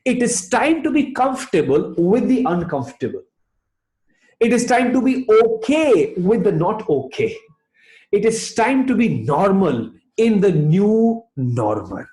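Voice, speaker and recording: A man delivers a rousing motivational talk. His voice sits high and swings with animation, and the room sounds echoey around him. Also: big pitch swings, a little slow, dark tone. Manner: emphatic, rousing, addresses listeners as friends. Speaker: motivational speaker. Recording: roomy echo.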